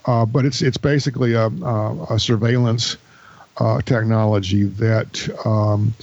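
A man's voice: fairly low pitch, steady tone, unhurried, vocal fry, darkish tone, dull audio. A man co-hosting an aviation podcast, explaining an incident in a casual, hesitant way with many fillers. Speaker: podcast co-host. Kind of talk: casual chat.

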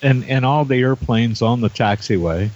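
A man's voice: mid-range voice, moderate pace, a little mellow, lo-fi sound. A man co-hosting a podcast, making his points emphatically in casual talk. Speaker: podcast co-host. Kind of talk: casual chat.

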